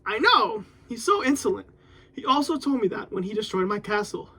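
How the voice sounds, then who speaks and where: Man reading as a gruff, mocking pirate boss. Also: high voice, sing-song, fairly quick, bright, forceful tone, full character voice. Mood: taunting. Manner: taunting, mocking. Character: huge brutish male pirate emperor, gruff.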